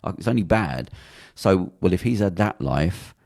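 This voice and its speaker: A British man hosts a casual podcast in a deep, dark voice full of gravel. He talks fast and bluntly, swearing as he rambles from point to point. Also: animated. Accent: British English. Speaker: podcast host.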